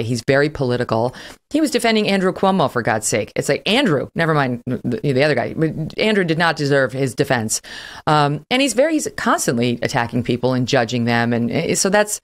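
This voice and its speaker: A middle-aged woman hosting a talk show, giving opinionated, conversational commentary with frequent fillers. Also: rumbling low. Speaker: podcast host.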